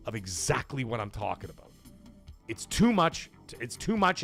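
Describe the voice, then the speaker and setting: Animated man ranting on stream. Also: medium pitch. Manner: animated, emphatic, blunt with swearing. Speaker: gaming show host. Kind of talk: livestream chat and rant.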